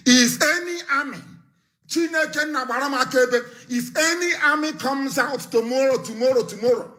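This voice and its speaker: A man's voice: very high voice, moderate pace, sharp tone. A man giving a live political broadcast speech as an activist leader, fiery, scornful and emphatic, repeating his warnings. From Nigeria.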